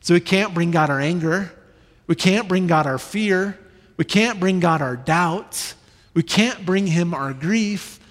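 A man in his thirties preaching a sermon, animated, with sudden high bursts when he acts out children. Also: unhurried. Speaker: pastor. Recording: long reverb in a large hall.

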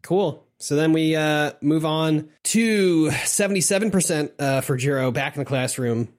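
A man's voice: a little high, a little slow. Chill young guy walking thru a story, laughs, swears while quoting. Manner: relaxed, laughing, acts out lines with swearing. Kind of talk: casual podcast chat recapping a game.

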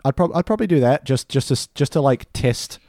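A man co-hosting a casual podcast chat over beers, relaxed and halting, often repeating words. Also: mid-range voice, no room sound, studio quality. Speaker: podcast co-host.

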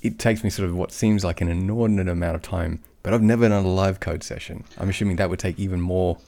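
A man's voice: deep voice, fairly even intonation, quick pace, creaky, dark tone. A man with an Australian accent hosting a casual interview, talking hesitantly with many restarts. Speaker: podcast host.

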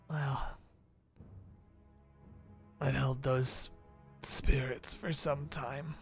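A man voicing a weary captive man who speaks in hushed, half-whispered, flat and fatalistic tones. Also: mid-range voice, vocal fry, heavily acted. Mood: resigned.

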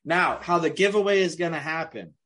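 A man's voice: a little high, lively intonation, a little fast, fairly bright tone. A man co-hosting a casual podcast, joking, laughing often and drifting into tangents. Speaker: podcast co-host. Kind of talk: casual chat.

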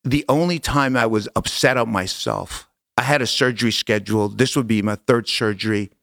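A man's voice: fairly low pitch, moderate pace, gravelly, fairly bright tone, no echo, studio quality. A man, a podcast guest, telling his story in conversation, earnest and emphatic, repeating phrases for weight.

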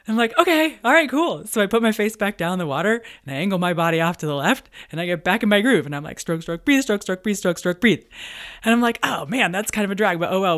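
A woman hosting a business podcast, telling a personal story in a lively way, acting out her own thoughts and chanting rhythmic counts. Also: mid-range voice.

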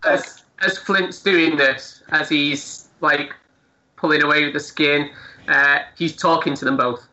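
Slow, bright-voiced British player. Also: male voice, on the high side, fairly even intonation, dull audio. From United Kingdom. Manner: slow, hesitant, playfully describing his character. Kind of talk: tabletop game play.

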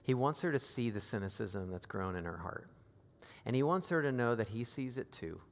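A man preaching a sermon as pastor, moving from quiet, intimate lines to raised, emphatic appeals. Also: medium pitch, animated, normal speed, big-room sound.

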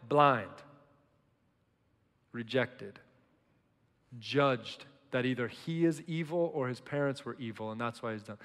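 Male preacher, casual and emphatic, swings quiet to loud, mid pitch, hall reverb. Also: measured pace, pauses often. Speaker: pastor. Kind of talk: casual sermon.

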